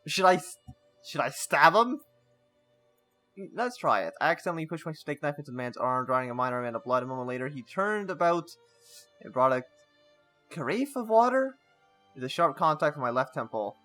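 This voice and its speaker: A man's voice: fairly high pitch, sing-song, fairly quick, long pauses, sharp tone, faint music behind. A man playing a story game, reading its text aloud with stumbles and breaking off into casual asides. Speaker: gaming channel host.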